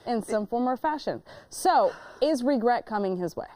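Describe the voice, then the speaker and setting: A woman hosting a casual panel chat, playful and lively, saying y'all. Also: a little high, moderate pace, dry recording. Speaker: host.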